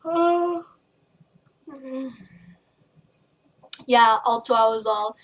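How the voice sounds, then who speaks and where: Rambling young woman, higher voice. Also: expressive, slow pace, long pauses. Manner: rambling, jumps between tangents, acts out quotes. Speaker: vlogger and page admin. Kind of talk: casual rambling chat to camera. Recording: voice a bit distant from the mic.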